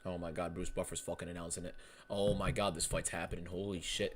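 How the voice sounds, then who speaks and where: A young man hosting a live fight watchalong stream, talking casually and excitedly, swearing a lot and reading out viewer messages. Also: deep voice, quick pace, a little hiss or hum. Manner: excitable, profane, reads chat aloud.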